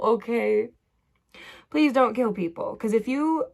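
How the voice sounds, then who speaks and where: A young woman casually vlogs while doing her makeup at a bedroom vanity lit by a ring light, chatting and rambling with lots of "like" and drifting off on tangents. Her voice sits on the high side with a darkish tone and vocal fry. She speaks slowly, with long pauses.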